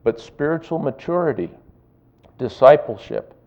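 A man preaching a sermon as pastor, building emphasis and slowing for weight. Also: on the high side, animated, a little mellow, lo-fi sound. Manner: preaching with rising emphasis and drawn-out pauses.

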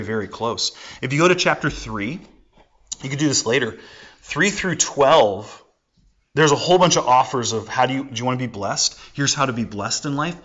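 A man's voice: mid-range voice, a bit bright, lo-fi sound. A man in his forties preaching a sermon in a conversational, folksy way with casual asides. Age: 40s. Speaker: pastor.

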